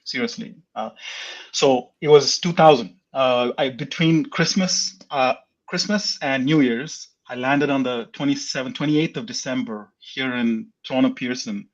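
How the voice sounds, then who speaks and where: A man in his fifties from India, with an Indian accent, telling his story as a guest in a lively, restarting way. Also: medium pitch, unhurried. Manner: animated storyteller, frequent restarts and laughs. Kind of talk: casual chat, telling a life story. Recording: slightly dull lo-fi audio.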